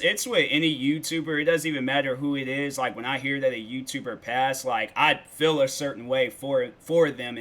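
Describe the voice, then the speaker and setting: A man's voice: medium pitch, fairly bright tone. A man in his twenties chatting casually with viewers on a livestream, rambling and loose, with lots of filler words. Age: 20s. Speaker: streamer.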